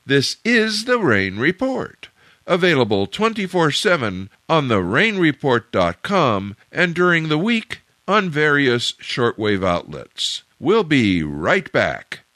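Slow, bright-voiced radio host. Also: male voice, fairly high pitch, huge pitch swings, dry recording, studio quality. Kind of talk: radio announcing.

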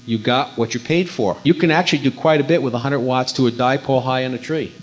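A man's voice: medium pitch, fast. A man giving an informal instructional talk, conversational and folksy, often repeating his words as he goes. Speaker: amateur radio contester giving a talk. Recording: dull lo-fi recording.

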